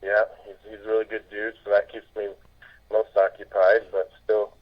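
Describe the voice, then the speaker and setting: Relaxed man on a dull phone line. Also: lowish voice, moderate pace. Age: 40s. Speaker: phone-in guest. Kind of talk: casual chat.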